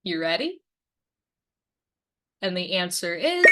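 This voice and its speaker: Lower-pitched woman coaching through quiz questions. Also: moderate pace, fairly bright tone. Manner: poses multiple-choice questions and explains answers, friendly coaching tone; frequent filler ums. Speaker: media and democracy campaigner. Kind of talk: instructional quiz-style presentation.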